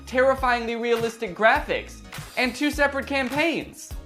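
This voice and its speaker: A man playing a panicked survivor in a comic sketch, shouting in an over-the-top way. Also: extremely high pitch, normal speed, faint music behind, pitched above the performer's own voice. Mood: frantic.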